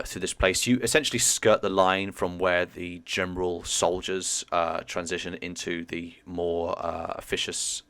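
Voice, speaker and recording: Low-voiced man running a tabletop game. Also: fairly bright tone, clear, resonant tone, no room sound. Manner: hesitant, many fillers. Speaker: game master.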